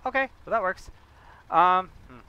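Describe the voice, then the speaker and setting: A man's voice: high voice, expressive, moderate pace, clear, resonant tone, highs cut off. A man chatting casually with his viewers while livestreaming a game, joking and talking to them by name. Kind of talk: casual gameplay livestream chat.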